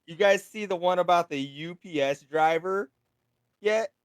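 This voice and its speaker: A man's voice: sits high, measured pace, smooth, no room sound. Upbeat man telling a story on a podcast. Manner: storytelling, animated retelling with acted quotes. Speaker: podcast co-host; delivery driver. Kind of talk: casual chat.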